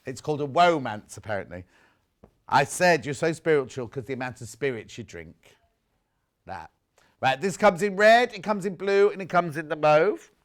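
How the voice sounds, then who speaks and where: A man's voice: a little high, animated, moderate pace. A man presenting fabrics on a live shopping channel, chatting and joking casually and reading out viewer messages. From United Kingdom. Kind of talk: casual live sales chat.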